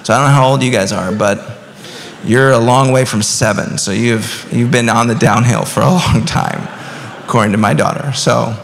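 A man's voice: mid-range voice, moderate pace, gravelly, a bit bright, slight background noise. A man in his thirties preaching a sermon as pastor, talking conversationally and rising to emphatic bursts. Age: 30s. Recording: long reverb of a large hall.

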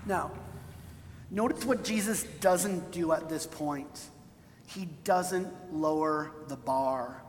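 A preacher talks through a sermon like a chat, tagging points with "right?" and briefly acting out quoted voices. The voice sits mid-range, neither high nor low. It rings out with a long hall reverb. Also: takes it slowly, slight background noise. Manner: conversational, tags points with "right?"; acts out quoted voices for emphasis.

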